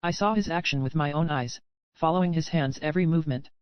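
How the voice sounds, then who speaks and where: A man narrating a dark romance audiobook in the first person, reading in an even, unhurried way. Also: fairly high pitch, clear, resonant tone, dry recording, dull audio.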